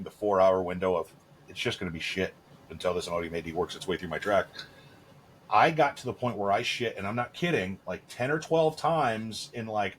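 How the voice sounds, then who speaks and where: Podcast co-host, man, 30s, low register, candid and crude, filler-heavy anecdotes. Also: a little hiss or hum. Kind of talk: casual chat.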